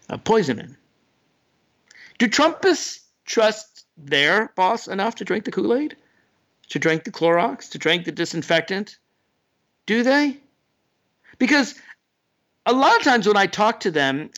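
A man delivers a political opinion monologue in a sardonic, animated way. His voice sits a bit high and sounds bright and forward, and it leaps upward when he mocks someone. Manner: sardonic, animated with sudden pitch jumps. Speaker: political commentator host.

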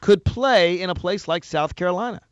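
A man hosting a political call-in radio show, brisk and insistent, cutting in to make his point. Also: high-pitched, smooth, highs cut off. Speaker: radio talk show host.

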